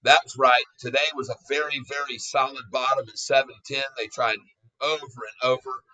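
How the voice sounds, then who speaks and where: A man hosting a casual live stock-trading stream, hyped and excitable, laughing often and calling his viewers folks. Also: medium pitch, moderate pace, far from the mic, poor audio. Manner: talks straight to viewers as folks. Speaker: stock market livestream host.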